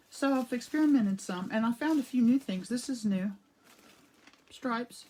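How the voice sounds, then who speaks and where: In her home art studio, a woman with a fairly high, warm, husky voice hosts a casual livestreamed craft demo at a moderate pace, talking around a cough drop. She chats, greets viewers by name mid-demo, and rambles with frequent restarts and asides; the recording is rough.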